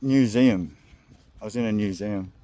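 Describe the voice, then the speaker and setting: A man's voice: on the low side, unhurried, warm tone, no echo. A young Australian man rambling through a comedic vlog, crude and joking, often laughing. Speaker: vlog host.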